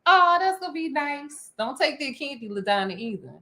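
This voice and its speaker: A woman's voice: high voice, very animated, normal speed, pushed and bright. Giggly, playful woman hosting a chat. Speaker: podcast co-host. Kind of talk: casual chat.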